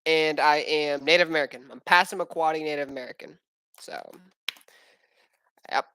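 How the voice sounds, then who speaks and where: A man's voice: fairly high pitch, moderate pace, bright, forceful tone, smooth, dry recording, low-quality recording. A young man chatting casually on a livestream at home, rambling in slangy, profane talk full of fillers. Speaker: aspiring MMA fighter streaming. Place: at home with his young son.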